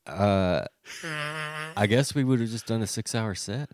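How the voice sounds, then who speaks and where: A man's voice: on the low side, unhurried, a little mellow, no echo, clean studio sound. A man co-hosting a podcast in casual chat, joking around and laughing a lot. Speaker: podcast co-host.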